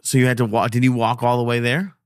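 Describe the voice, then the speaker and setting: A man's voice: medium pitch, little pitch movement, quick pace, clear, resonant tone, no room sound, studio quality. A man co-hosting a casual chat, laughing often and asking short questions. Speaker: co-host.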